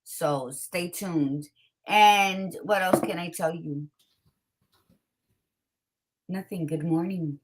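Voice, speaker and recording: A woman hosting a casual talk show, blunt and expressive, with a tired morning voice, dropping in Spanish greetings. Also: lowish voice, extremely slow, pauses often, noisy background. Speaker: podcast host. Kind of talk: casual chat.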